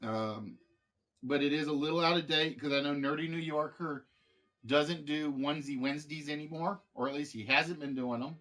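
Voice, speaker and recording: Rambling, fairly high-voiced streamer man. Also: steady tone, normal speed, fairly bright tone. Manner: rambling, many fillers and restarts. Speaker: game show streamer host. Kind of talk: casual chat with stream viewers.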